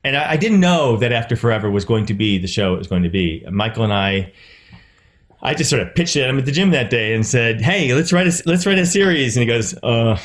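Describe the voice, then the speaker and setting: A middle-aged man talks as a guest in a relaxed interview. He tells stories with animation, pitching up sharply when he plays out what others said. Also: fast talker. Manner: animated, acts out quoted voices with pitch jumps. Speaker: actor and producer, interview guest. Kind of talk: casual interview storytelling.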